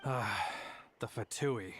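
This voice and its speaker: An actor playing a polite, apologetic merchant in a game, explaining things in a friendly way. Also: male voice, on the low side, slow, a bit bright, soft background music. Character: polite adult male traveling merchant. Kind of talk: game voice acting.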